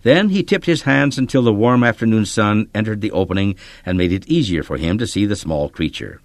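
A man reading a children's story aloud, in expressive, measured scripted narration. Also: on the low side, no room sound.

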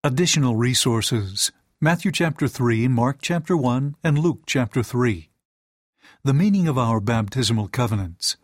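A man reading lesson material and quotations aloud in an even, measured way. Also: medium pitch, no room sound, clean studio sound. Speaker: reader of a teaching manual.

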